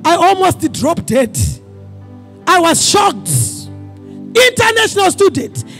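A pastor preaching a sermon to his congregation, asking them questions for call-and-response and often breaking into fervent shouting. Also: very high voice, big pitch swings, slow, faint music behind. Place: church service.

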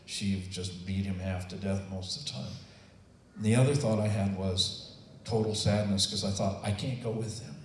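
A man's voice: low voice, steady tone, normal speed. Older man telling his testimony, roomy. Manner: earnest, emotional, quotes himself and others in acted voices. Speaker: testimony speaker. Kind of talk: personal testimony storytelling. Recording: roomy, distant and noisy.

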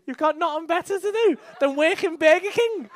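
A man's voice: extremely high pitch, lively intonation, brisk. A young man with a Liverpool accent doing brash, sweary crowd work as a stand-up comedian on a club stage. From England.

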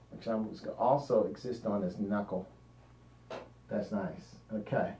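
Guy walking through his oil painting step by step, mellow low-key voice, kinda far off the mic in a roomy dull recording. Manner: unhurried, thinks aloud while working, trails off mid-sentence. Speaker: painter demonstrating. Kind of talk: painting demonstration narration.

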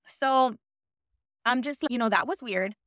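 Brief: woman, casual true-ghost-story teller, higher voice, conversational and quick to act out quotes. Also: a bit bright, no echo, clean studio sound. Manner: chatty, lots of "I'm like" quoting.

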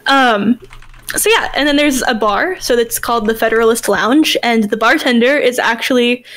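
A woman with a high, light voice chats on a podcast about game details. She talks with easy enthusiasm in a casual, friendly way. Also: normal speed, a bit bright. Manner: chatty and enthusiastic, laughs easily. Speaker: podcast co-host.

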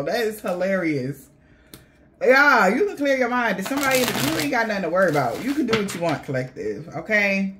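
A woman giving a casual tarot reading to her viewers, animated and slangy, swearing and laughing often. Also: mid-range voice, fairly quick, noisy background. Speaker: tarot reader.

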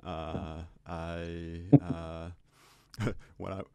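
A man's voice: low voice, level tone, extremely slow, mellow, clean tone, no echo, studio quality. A man from New England with a New England accent, chatting playfully as a podcast guest and laughing often. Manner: playful, laughs often, repeats words as he starts. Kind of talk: casual interview chat.

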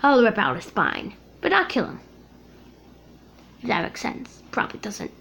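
A woman voicing a greedy, threatening male thug plush in a puppet comedy, gruff and menacing. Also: a little high, very animated, normal speed, a bit bright, pitched below the performer's own voice, exaggerated voice. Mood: scheming.

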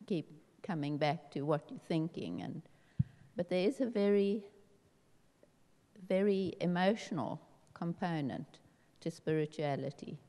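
A woman's voice: low-pitched, unhurried, warm tone. A woman taking part in a seminar discussion, thoughtful and hesitant, often restarting her phrases. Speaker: seminar participant. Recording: reverberant hall.

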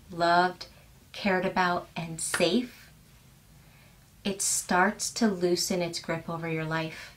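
A young adult woman life coach giving a self-help lesson to camera in a gentle, earnest, measured way. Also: fairly low pitch.

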